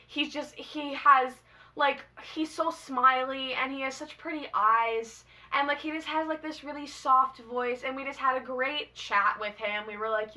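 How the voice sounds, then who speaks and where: A young woman with a bright, forceful voice tells a casual storytime to her camera. She gushes in slangy fan talk, bubbly and excitable, her pitch sitting a little high for a woman. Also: moderate pace. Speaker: vlogger.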